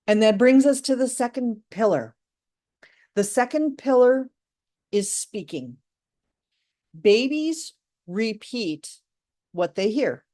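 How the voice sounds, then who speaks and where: Slow-paced woman English teacher. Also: on the high side, lively intonation, warm tone. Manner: slow, deliberate, encouraging delivery. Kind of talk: online English lesson. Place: live online class.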